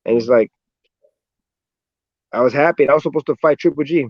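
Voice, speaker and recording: Speaking a little fast, this American professional boxer chats easily as an interview guest, cursing a lot and tacking "man" onto his lines. The video call makes his close, dry, mid-pitched voice sound dull and muffled, with no echo.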